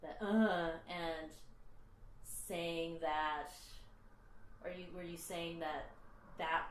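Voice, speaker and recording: Casting: low-pitched woman host, musing and hedging, roomy echo. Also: level tone, very slow, slight background noise. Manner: reflective, thinking aloud with hedges. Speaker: podcast host. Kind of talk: casual chat. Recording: echoey room.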